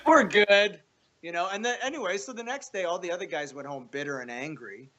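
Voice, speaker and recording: A man's voice: fairly high pitch, fast talker. Chatty man telling a wild story. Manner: animated, swearing, frequent restarts. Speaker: podcast guest. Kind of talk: casual storytelling.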